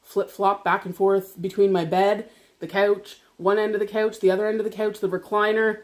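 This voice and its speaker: A woman vlogger telling a personal story while eating dinner, chatty and animated, laughing often and swearing casually. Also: mid-range voice, normal speed. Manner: animated, talks to viewers directly.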